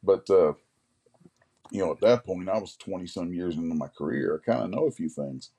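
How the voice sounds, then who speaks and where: A low, dark-toned man with a husky edge tells casual, rambling stories as an interview guest. He is in his forties and often stops to clear his throat. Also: a little fast. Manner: rambling anecdotes, acts out others' lines. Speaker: guest comic artist.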